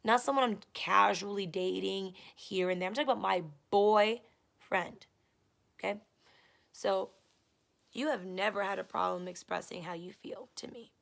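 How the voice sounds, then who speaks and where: A woman vlogging her own story, blunt and profane, her talk swinging from low mutters to loud, exasperated bursts. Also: fairly even intonation, moderate pace, gravelly. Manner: heated, blunt and profane, retelling an abusive relationship. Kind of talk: personal storytime vlog.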